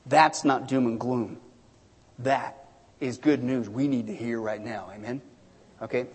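A man preaching a sermon as pastor, animated, swinging between sudden shouts and hushed asides, in a church sanctuary. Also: mid-range voice, normal speed, long pauses, breathy edge. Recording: long reverb of a large hall.

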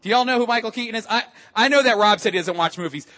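A man preaches with lively emphasis, his voice sitting high for a male speaker. He acts out little quotes as he builds his points. A long reverb trails behind every phrase, as in a large church. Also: fast talker. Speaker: pastor. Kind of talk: sermon.

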